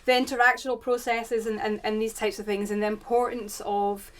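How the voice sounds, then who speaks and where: A woman's voice: a little high, little pitch movement, fairly quick. A woman researcher speaking on a panel, thinking aloud and searching for her words. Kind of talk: reflective panel discussion.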